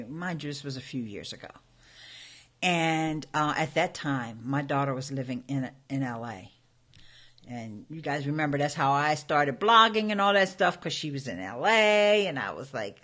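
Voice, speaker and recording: A woman's voice: fairly low pitch, fairly bright tone. A middle-aged woman hosting a casual livestream from home, telling stories and talking straight to her viewers in a chatty way. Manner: chatty storyteller addressing viewers. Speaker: YouTube host.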